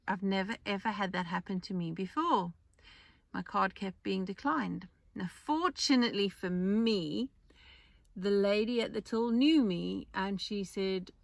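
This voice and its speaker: A woman's voice: mid-range voice, gravelly, a bit bright, no room sound. A woman hosting a podcast, talking in a chatty, rambling way with restarts and asides. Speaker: podcast host. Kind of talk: casual monologue.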